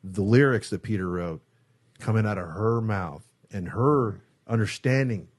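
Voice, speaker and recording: A man's voice: fairly low pitch, a little slow, slightly rough. A male guitarist in a studio interview, telling a story casually, acting out quotes and swearing freely. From San Francisco Bay Area. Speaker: guest guitarist.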